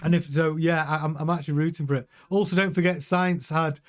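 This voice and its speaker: Speaking a little fast, a chatty man gives casual live commentary during a race watch-along stream, often turning to reply to viewers' messages. His voice is slightly higher than usual, and he sounds excitable.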